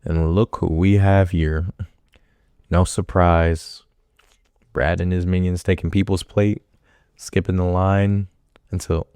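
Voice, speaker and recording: A man's voice: deep voice, clean tone, no room sound. Joking guy doing casual reaction commentary, dry close sound. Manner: animated, joking, laughing, slangy.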